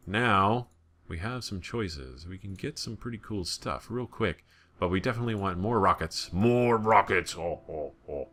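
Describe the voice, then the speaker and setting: A man's voice: on the low side, sharp tone. An American man giving casual, rambling gameplay commentary with joking asides. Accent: General American. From United States. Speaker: let's play gamer.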